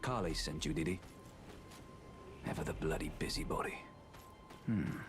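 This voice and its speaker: Blythe is a grim hunter with a Welsh accent, menacing and terse. His voice sits very low, and game music plays clearly under his lines. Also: normal speed. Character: grim male hunter seeking a traitor. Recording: game audio with music behind.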